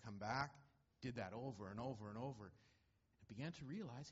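A man's voice: medium pitch, moderate pace, husky, highs cut off. A man who is a church administrator speaks to a congregation, explaining an idea through his own experience in a plain, thoughtful way. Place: church sanctuary.

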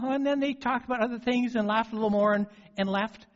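A man's voice: extremely high pitch, fast talker, hardly any pauses. A male pastor giving a sermon. He tells a story with frequent restarts and fillers. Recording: dull lo-fi recording.

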